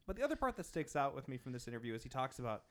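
A man's voice: mid-range voice, sing-song, very fast. A man hosting a casual podcast chat, rambling and joking with friends. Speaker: podcast host.

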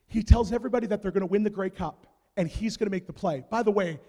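A man from Canada with a very high voice preaches and tells his story in a sanctuary, the sound ringing in a long hall reverb. He is an animated storyteller who drops into quiet asides and then bursts into shouts. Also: quick pace. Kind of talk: sermon storytelling.

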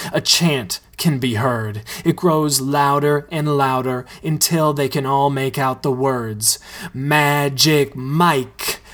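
A man reading a comedic story aloud in a deadpan way. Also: mid-range voice. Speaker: narrator.

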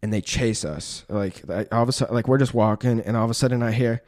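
A man's voice: medium pitch, quick pace, darkish tone. A man in his twenties telling a long story in casual chat, rambling and profane, with constant filler words. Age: 20s.

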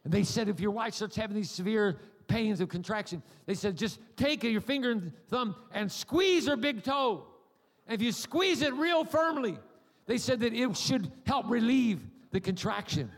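A middle-aged American-born preacher giving a humorous, storytelling sermon, animated and rambling, acting out voices and cries. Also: male voice, sits high, normal speed. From United States. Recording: long hall reverb.

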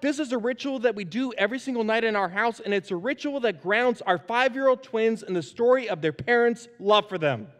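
Male pastor, 30s, higher-pitched voice, animated sermon delivery, miked in a hall with long reverb. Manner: animated, acts out animal sounds in stories. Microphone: microphone.

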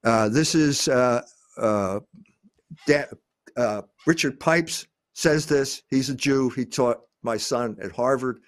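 An older man speaking as a guest, lecturing on history in an emphatic way, with frequent pauses on "uh". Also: medium pitch, no echo, clean studio sound.

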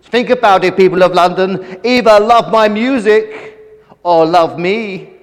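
A man's voice: high-pitched, unhurried, big-room sound. A man voicing a gloating big-nosed villain. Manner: boastful, taunting, theatrical. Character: gloating male villain with a huge nose.

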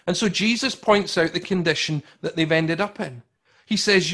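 A man preaching with a slightly raised pitch, loud and emphatic one moment and hushed and slow the next. He talks to his congregation conversationally and often repeats or restarts his words. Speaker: pastor. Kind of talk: sermon.

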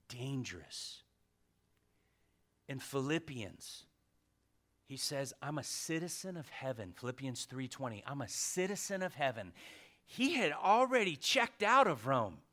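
A man in his thirties preaching a casual sermon, swinging from loud exhortation to hushed emphasis. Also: medium pitch.

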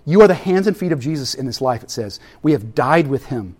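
A man, preaching a sermon in a casual, animated way that swings from loud to hushed. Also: medium pitch, a little fast. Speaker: pastor.

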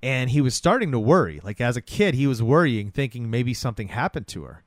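A man's voice: mid-range voice, sing-song, fairly quick, dry recording, studio quality. A man casually retelling a film scene in a chat, acting out the characters' lines as he goes. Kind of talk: casual movie recap chat.

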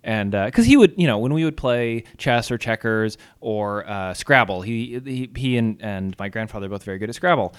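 A man's voice: lowish voice, normal speed, few pauses, clean tone. A man chatting casually and telling stories from his childhood, laughing often as he talks. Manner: storytelling, laughs often, lively. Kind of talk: casual chat.

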